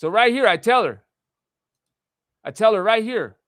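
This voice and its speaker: Man, livestream host, indignant, profane, high-pitched, dry sound. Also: expressive, normal speed, fairly bright tone, dry recording. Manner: indignant, profane, reads texts aloud. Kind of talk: casual livestream rant.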